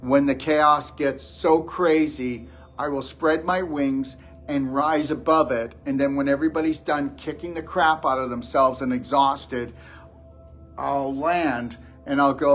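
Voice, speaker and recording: A man's voice: medium pitch, fairly even intonation, unhurried, a bit bright, soft background music. A man giving a blunt, scolding motivational lecture to a live audience as a wellness show host.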